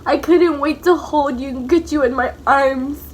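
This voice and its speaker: A woman's voice: high-pitched, unhurried. A young woman vlogger chatting casually as she tells a personal story, full of "like", tearful at times. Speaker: mom vlogger.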